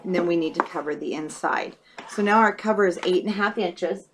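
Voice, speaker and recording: A woman's voice: on the low side, a little fast, background noise. A woman casually talking through a paper craft project step by step, thinking aloud as she works. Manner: chatty, thinks aloud while working. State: hiccups. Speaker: craft tutorial host.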